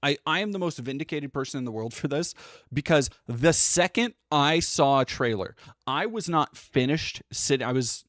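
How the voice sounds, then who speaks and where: A man's voice: mid-range voice, fairly bright tone, no echo, studio quality. A man hosting a casual reaction stream, sarcastic and swearing, reading chat aloud. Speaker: stream host.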